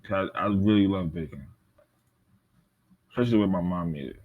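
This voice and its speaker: A man's voice: deep voice, brisk, phone-quality sound. A man in casual chat, blunt and swearing freely.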